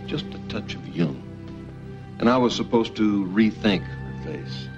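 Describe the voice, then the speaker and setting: An actor playing a charming, unpredictable plastic surgeon, smooth, witty and flirtatious. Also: male voice, on the low side, fairly even intonation, unhurried, close to an everyday voice. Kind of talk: TV film drama acting. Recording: muffled film audio with music.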